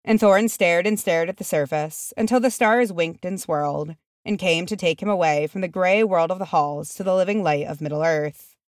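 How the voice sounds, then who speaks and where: A woman reading a fan fiction chapter aloud as narrator, measured and steady. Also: lowish voice, no room sound, clean studio sound. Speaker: audiobook reader.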